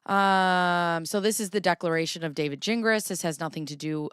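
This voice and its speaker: A woman's voice: lowish voice, moderate pace, a bit bright, clear, resonant tone, no room sound, studio quality. A woman hosting a livestream, chatting with viewers and reading legal documents aloud, giggly and chatty. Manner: giggly, chatty, talks to chat. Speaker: livestream host.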